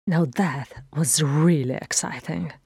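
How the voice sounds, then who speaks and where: A woman reading a flat, sarcastic dwarf. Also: deep voice, slow, vocal fry, slightly rough, no room sound, studio quality, heavily acted. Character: sardonic male dwarf, weary younger brother. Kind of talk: audiobook fan fiction reading.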